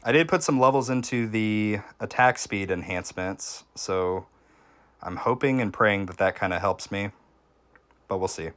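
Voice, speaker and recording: A man streaming a game, giving casual gameplay commentary and chatting with viewers, with sudden excited reactions. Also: lowish voice, normal speed.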